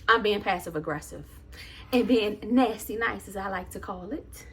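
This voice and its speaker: A woman's voice: medium pitch, normal speed, background noise. A woman vlogger telling a story as a casual rant, in a sassy, sarcastic, chatty way. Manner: animated, loose and chatty.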